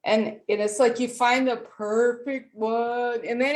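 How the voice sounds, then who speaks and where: A woman on an online workshop call chats eagerly, rambling as she explains. She speaks unhurriedly in a slightly high voice. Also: steady tone, measured pace, few pauses. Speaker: workshop participant. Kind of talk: casual chat.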